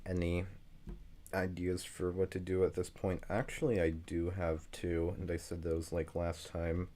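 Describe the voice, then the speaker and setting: Deep-voiced man with slight Southern twang. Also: little pitch movement, measured pace, dark tone. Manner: rambling, chatty, apologetic asides. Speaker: level creator streaming. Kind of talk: casual commentary while building a game level.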